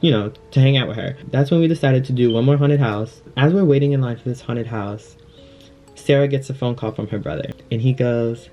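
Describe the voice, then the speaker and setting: A young man telling a personal story in a casual, chatty storytime, packed with fillers and animated retelling. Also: mid-range voice, fairly quick, highs cut off, over music. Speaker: vlogger.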